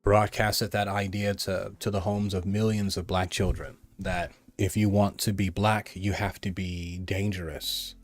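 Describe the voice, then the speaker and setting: A man's voice: low-pitched, level tone, unhurried, few pauses, faint music behind. A man from the United States giving an emphatic, repetitive opinion monologue, mimicking others in a raised voice. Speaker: commentator.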